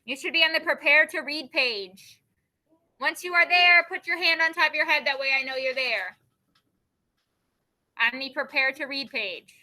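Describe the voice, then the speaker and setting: A woman's voice: high voice, moderate pace, bright, forceful tone. A woman teacher leading a classroom lesson, explaining with everyday examples, often checking in with "okay?" and giving firm directions to the class.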